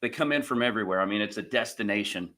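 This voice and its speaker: A man's voice: fairly low pitch, rapid-fire, bright, forceful tone. A man chatting casually on a talk show, enthusiastic and calling people bro and dude. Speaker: show regular. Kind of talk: casual chat.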